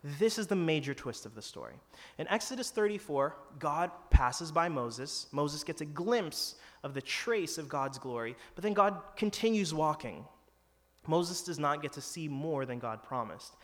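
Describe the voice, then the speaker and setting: A man's voice: a little high, expressive, measured pace. A man preaching a sermon in an earnest, conversational way, acting out quoted lines with some drama. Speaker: pastor. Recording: long hall reverb.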